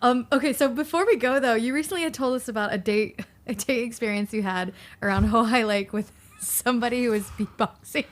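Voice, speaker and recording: A woman hosting a podcast chat, eager and agreeable, quick to laugh. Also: a little high. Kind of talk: casual chat.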